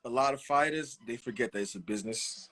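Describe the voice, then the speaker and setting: A man who is a professional fighter, guesting on a casual live-stream interview and speaking relaxed, often repeating words. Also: mid-range voice, fast, over loud music. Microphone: video call.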